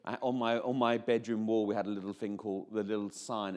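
A man's voice: fairly low pitch, fairly even intonation, fairly quick, hardly any pauses. A Northern Irish man in his fifties preaching a personal testimony, chatty, with asides and restarts. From Northern Ireland. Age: 50s. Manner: chatty, self-interrupting, jokey asides.

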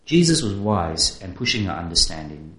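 A man delivering a sermon in a conversational way, often stopping to put questions to his listeners. His voice rises and falls in a lively way. The recording has a noticeable roomy echo. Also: sits low, moderate pace. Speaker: preacher.

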